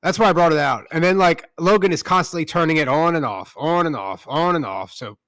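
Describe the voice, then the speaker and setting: A man co-hosting a casual podcast, speaking in a laid-back way with halting restarts. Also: a little high, a bit bright, no room sound. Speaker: podcast co-host.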